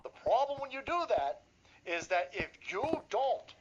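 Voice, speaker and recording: A man's voice: sits high, very animated, a little slow. A man hosting a casual podcast chat, ranting and mocking with heavy profanity. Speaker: host. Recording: slightly muffled with faint hiss.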